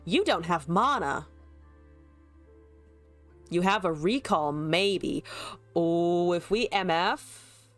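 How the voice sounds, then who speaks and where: A woman's voice: on the low side, expressive, slow, pauses often, soft background music. A woman streaming a card game, chatting casually, swearing and laughing as she plays. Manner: chatty, swears, laughs often, talks to chat. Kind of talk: casual gameplay commentary.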